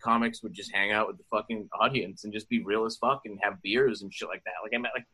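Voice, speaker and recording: A man with a bright, forceful voice, chatting casually and telling stories with lots of swearing. He talks in an animated, loose way, like he's among friends. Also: lowish voice, fast, husky. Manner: profane, animated storyteller. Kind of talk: casual chat.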